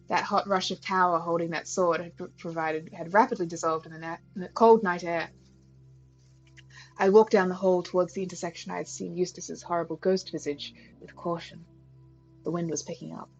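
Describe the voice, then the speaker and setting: A woman streamer reading a visual novel's first-person narration aloud at a steady pace, with small stumbles. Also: on the low side, low-quality recording.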